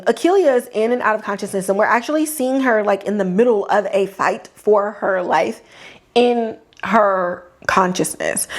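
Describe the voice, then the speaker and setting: A woman podcast host giving a casual TV episode recap in an animated way, with slang and frequent laughter. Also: medium pitch.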